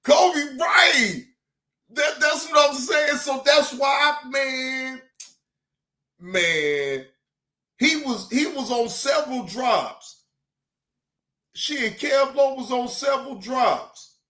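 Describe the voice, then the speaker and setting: A man doing loud, profane reaction commentary, laughing a lot and repeating himself. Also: very high voice, animated, slow, pauses often, reverberant. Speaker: reaction streamer.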